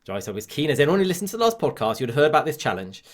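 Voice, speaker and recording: Teasing English podcast co-host. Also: male voice, a little high, very animated, rapid-fire. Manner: teasing, mock-dramatic storytelling. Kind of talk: casual chat.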